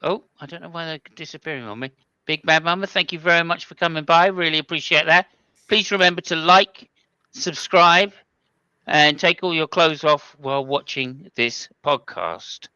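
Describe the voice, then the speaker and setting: Male comedy podcast host, very bright and crisp, dry dull sound, rambling jokes. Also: on the high side, normal speed, no echo. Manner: joking, rambling, playful stutters. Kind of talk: casual comedic race commentary chat.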